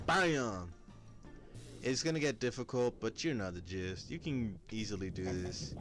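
A man's voice: on the low side, animated, moderate pace, a bit bright. A young man giving casual, chatty gameplay commentary straight to his viewers. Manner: chatty, laid-back, talks to viewers. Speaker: gameplay video creator. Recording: faint game music behind.

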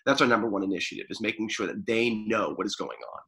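A man's voice: fairly low pitch, fast talker, sharp tone, poor audio. A man chatting casually in an interview, rambling with fillers and restarts. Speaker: guest, former pro sports media staffer.

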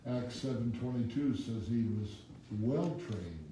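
A male pastor preaching an animated sermon, reading scripture in old-fashioned wording and prompting the congregation to finish the verses, with wry asides. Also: medium pitch, unhurried, slight background noise. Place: church sanctuary with congregation. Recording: echoey room, speaker far from the mic.

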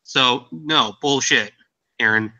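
A man in a casual podcast discussion, explaining facts in a hesitant way with frequent pauses. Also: medium pitch, bright, forceful tone, lo-fi sound.

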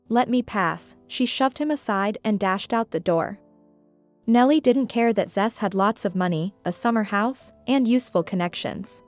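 A woman narrating a scripted drama story in a steady, even storytelling manner. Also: medium pitch.

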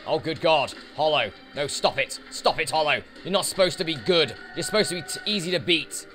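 Lively, bright-voiced man gaming. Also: a little high, brisk, soft background music. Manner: chatty, talks to enemies on screen. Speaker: gaming YouTuber. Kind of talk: let's play commentary.

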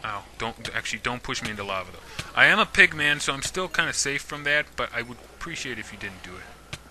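Gaming YouTuber, male, bright and sharp tone, playful mock threats at mobs. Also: medium pitch, lively intonation, fairly quick, slight background noise. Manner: talks to game mobs, mock-menacing and jokey. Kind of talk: casual let's-play commentary.

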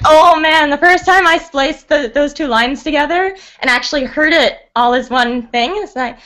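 A woman from Canada, a writer guest on a podcast, chatting casually in a bubbly, excitable way and laughing often. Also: high voice, moderate pace. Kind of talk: casual chat.

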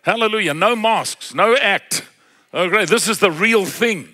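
A middle-aged man preaching a sermon as pastor, fervent and full of hallelujahs, swinging between loud and hushed. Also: high voice, unhurried.

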